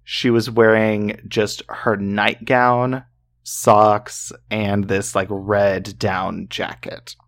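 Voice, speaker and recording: A man's voice: lowish voice, level tone, very slow, creaky, fairly bright tone. A man co-hosting a podcast, telling a true-crime story in a loose, chatty way full of fillers and swearing. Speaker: podcast co-host.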